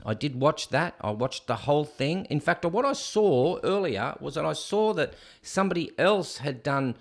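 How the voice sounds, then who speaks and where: A middle-aged Canadian man hosting a casual livestream, reading viewer comments aloud and breaking into bits of songs. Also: medium pitch. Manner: reads comments aloud, sings snatches of songs. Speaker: livestream host reading chat. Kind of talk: casual chat.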